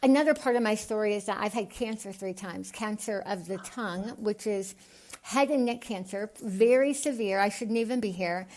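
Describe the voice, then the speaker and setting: A woman from the United States, a podcast guest, speaking with a lisp and an unusual voice altered by tongue surgery, earnest and animated. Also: medium pitch, normal speed. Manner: earnest, animated, gets excited. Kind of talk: podcast interview.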